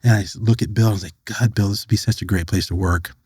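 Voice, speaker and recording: A man's voice: fairly low pitch, fast talker, slightly rough, no room sound. A middle-aged man from the United States, a podcast guest recounting a personal story and acting out the lines of the people in it. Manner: animated storyteller who acts out quoted dialogue.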